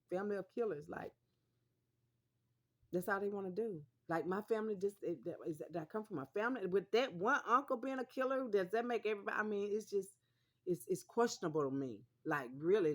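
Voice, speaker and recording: A woman from the American South, talking straight to her viewers in an emphatic, repetitive monologue that keeps calling them honey. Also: on the low side. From Mississippi, US South. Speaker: vlogger.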